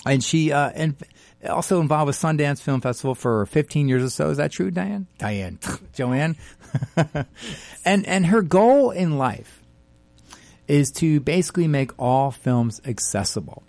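A man's voice: medium pitch, normal speed, creaky, no echo. A man hosting a live radio talk show, chatty and jokey, reading a piece aloud and interviewing a guest. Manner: chatty, jokey, animated asides.

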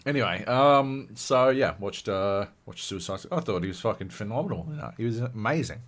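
A man co-hosting a podcast, chatting casually, animated and swearing often with bursts of laughter. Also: lowish voice, a little fast. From Australia. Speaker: podcast co-host. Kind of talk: casual chat.

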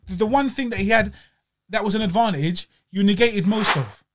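A man's voice: high-pitched, normal speed, noisy background. A man with a London accent, co-hosting a podcast and critiquing a boxing match in casual, slangy chat. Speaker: podcast co-host.

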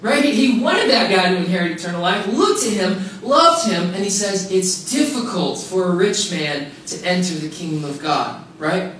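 A man delivers a sermon with emphatic repetition and casual asides. His voice sits high, and the recording is heavily echoey, picked up from a distance with faint background noise. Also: animated, moderate pace, a bit bright. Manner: emphatic, repeats key phrases, casual asides. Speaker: pastor. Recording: very echoey room, mic far off, faint noise.

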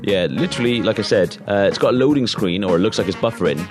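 A man's voice: lively intonation, quick pace. A man co-hosting a podcast in crude casual banter, joking and swearing freely. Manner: jokey, swears freely, slips into squeaky silly voices. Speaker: podcast co-host. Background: music.

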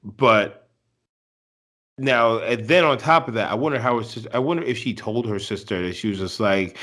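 A man in casual conversation, talking in a rambling, halting, profane way. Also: medium pitch, fairly bright tone. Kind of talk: casual chat.

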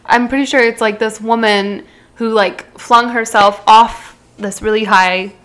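Chatty higher-voiced woman telling a story. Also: steady tone, a little slow, a bit bright. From Illinois. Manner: storytelling, chatty, laughs easily. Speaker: podcast co-host. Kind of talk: casual true-crime podcast chat.

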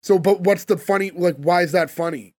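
A man's voice: sits high, brisk, darkish tone, dry recording. A man hosting a casual podcast, recapping scenes and asking puzzled questions. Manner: puzzled, questioning, many "like" fillers. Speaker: podcast host. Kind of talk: casual chat, recapping an episode.

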